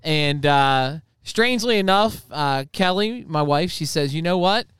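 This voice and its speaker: A man's voice: on the high side, animated, a little slow, fairly bright tone, clear, resonant tone, no echo. A man hosting a podcast, joking around with his buddies and swearing freely. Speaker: podcast host. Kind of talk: casual podcast banter.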